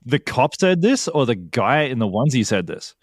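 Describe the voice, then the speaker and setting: A man's voice: medium pitch, very animated, moderate pace, dry recording, studio quality. A man hosting a podcast, reacting with short, amused remarks in a casual interview. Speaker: podcast host.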